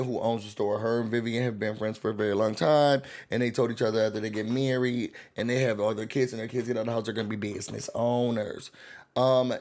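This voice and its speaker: Recap host, male, sassy and animated, mid-pitched voice, casual commentary. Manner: sassy, animated, quotes cast members in voices.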